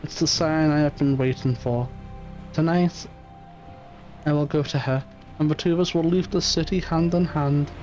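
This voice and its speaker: A man's voice: a little high, steady tone, moderate pace, long pauses, a little mellow, close to an everyday voice. Man putting on a romantic Spanish fishmonger. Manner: put-on Spanish accent with Spanish exclamations. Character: lovesick male Spanish fishmonger, flamboyant and romantic. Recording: muffled stream audio, faint music.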